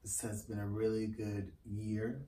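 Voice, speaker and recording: Laid-back guy w a lowish voice, lots of likes and ums, far-off mic in an echoey room. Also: measured pace. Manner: relaxed, many filler words. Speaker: podcast co-host. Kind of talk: casual chat. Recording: echoey room, mic at a distance, faint ambient noise.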